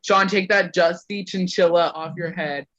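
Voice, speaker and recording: A man's voice: high-pitched, fairly even intonation, normal speed, fairly bright tone, muffled recording. A young man casually reading roasts aloud to a group on a call, stumbling over words and laughing.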